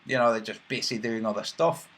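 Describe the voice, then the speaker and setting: A man's voice: medium pitch, a little fast, a bit bright. A man hosting a casual livestream, reading chat messages aloud in a rambling, mocking way with many filler sounds.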